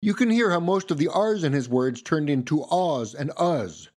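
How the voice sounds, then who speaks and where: Male podcast host, scripted narration, wry, animated pitch. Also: normal speed, few pauses. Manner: playful, wry asides.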